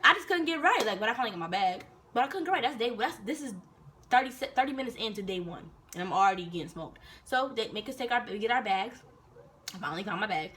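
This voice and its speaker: Fast-talking, animated young woman storyteller. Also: a little high, a little hiss or hum. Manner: animated, slangy, profane. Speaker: vlogger telling a personal story. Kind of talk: casual storytelling.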